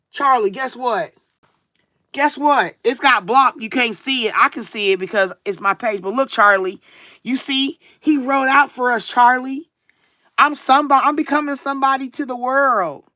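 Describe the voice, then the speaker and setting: A woman's voice: fairly high pitch, sharp tone, no room sound, clean studio sound. A woman, talking casually and sarcastically to her livestream viewers, with a preacher-like cadence. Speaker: livestream tarot reader.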